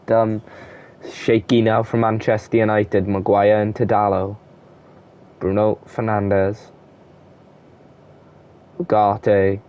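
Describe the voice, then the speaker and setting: A young man with a lowish voice, recorded in lo-fi sound, casually commentates on a football video game. He calls out player names in short bursts and shouts at goals and chances.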